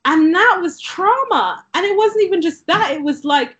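Animated London-raised woman, casual chat. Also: very high voice. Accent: London English, shifted by years in Canada. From Southeast London, England. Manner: animated storyteller, frequent "like" fillers, quick asides. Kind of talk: casual conversation.

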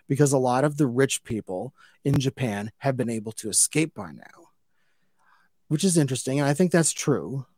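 A man's voice: medium pitch, dry recording. Rambling man recapping a show, dry mic. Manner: rambling with many fillers and restarts; gets loud and animated when amused. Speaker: anime review podcast host. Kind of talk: casual recap and commentary.

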